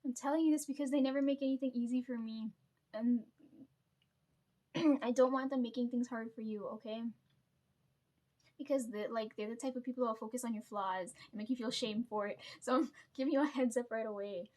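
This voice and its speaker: A young woman with a fairly high voice speaks in a hushed, confessional ramble to her camera from home late at night. She keeps clearing her throat and tags her thoughts with a quick "right?". Her telling is loose and unpolished, full of restarts. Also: fairly even intonation. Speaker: vlogger. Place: at home at night, parents downstairs.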